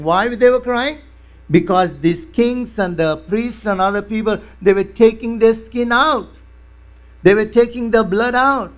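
Pastor, male, high voice, emphatic repetitive preaching. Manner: emphatic preaching with repeated phrases. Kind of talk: sermon.

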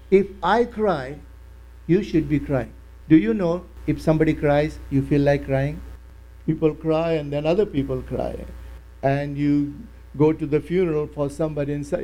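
A man preaching a sermon, emphatic and repetitive, explaining a Bible passage slowly. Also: fairly high pitch, warm tone, low-quality recording. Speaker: pastor.

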